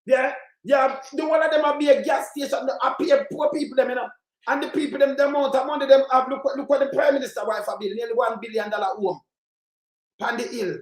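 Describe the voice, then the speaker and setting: Speaking fast in a very high, steady voice, a Jamaican man hosting his own channel launches into an angry, rambling political rant peppered with patois and swearing. The audio has a roomy echo.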